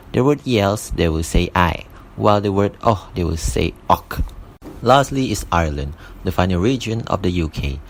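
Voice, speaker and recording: A man's voice: low-pitched, slight background noise, rough recording. A young man reading a class presentation aloud, going steadily through spoken examples.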